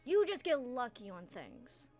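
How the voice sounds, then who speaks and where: Woman doing a high squeaky gnome lady, pushy and teasing, upbeat. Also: big pitch swings, unhurried, warm tone, soft background music, full character voice. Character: chatty upbeat female gnome companion.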